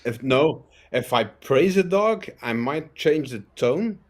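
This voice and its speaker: Male guest, mid-range voice, halting casual talk. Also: medium pitch, lively intonation. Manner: hesitant, stumbling over words. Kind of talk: casual chat.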